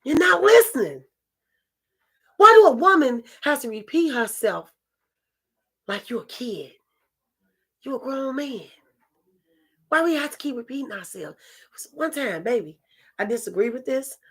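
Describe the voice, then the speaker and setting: Sassy high-voiced woman host. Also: very animated, normal speed, long pauses, sharp tone, breathy edge. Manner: sassy, emphatic, calls listeners baby. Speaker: talk show host. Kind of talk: candid opinion talk.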